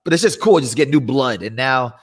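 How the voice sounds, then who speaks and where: A man co-hosting a podcast in casual chat, loose, slangy and excitable. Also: mid-range voice, fairly quick, husky. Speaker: podcast co-host.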